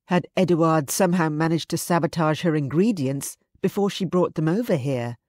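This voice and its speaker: A woman narrating a romance audiobook in an even, measured storytelling voice. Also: sits low, no echo, studio quality. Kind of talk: scripted narration.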